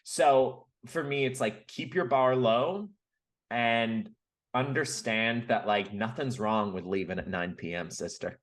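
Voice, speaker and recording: A man's voice: medium pitch, unhurried. Rambling man podcast co-host. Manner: rambling, uses many likes. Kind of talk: casual chat.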